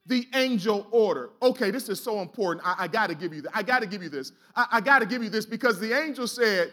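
Man preaching, very high voice, bright and forceful tone, call-and-response, church sanctuary. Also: lively intonation, fast talker, hardly any pauses. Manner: call-and-response, exhorting and colloquial. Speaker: pastor. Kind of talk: sermon.

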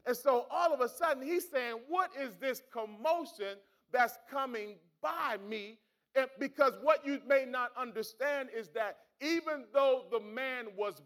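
A male pastor preaching a sermon with rising shouts and repeated words. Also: extremely high pitch.

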